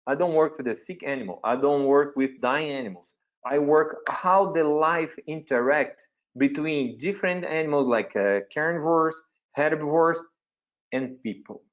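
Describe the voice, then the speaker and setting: A Brazilian man with a Portuguese accent presents his veterinary work to a webinar audience. He speaks haltingly, searching for words and putting questions to the listeners. His voice comes through a dull, lo-fi call line. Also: on the high side. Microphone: computer mic on a video call.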